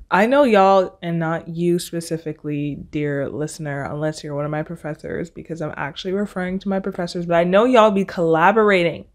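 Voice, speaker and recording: A young woman in college hosting her own podcast, talking to listeners in a chatty, sarcastic way. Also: on the low side. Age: young adult. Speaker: podcast host. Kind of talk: casual solo podcast chat.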